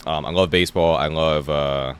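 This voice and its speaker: A man's voice: very deep voice, moderate pace, slight background noise. A man in his twenties from New Jersey, a guest comedian on a podcast, chatting casually and acting out quotes in his stories. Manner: relaxed, animated storyteller who acts out quotes.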